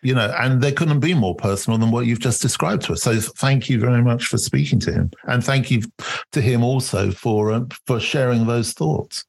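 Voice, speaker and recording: A man's voice: mid-range voice, moderate pace, gravelly. A man hosting a podcast, talking in a thoughtful, reflective way in a casual conversation. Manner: thoughtful, reflective, mild restarts. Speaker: podcast host.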